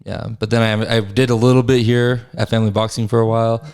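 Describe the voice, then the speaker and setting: A man's voice: mid-range voice, level tone, fast, a little mellow, smooth. A young adult man hosting a podcast, telling stories in casual chat, swearing freely and laughing as he talks. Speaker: podcast host.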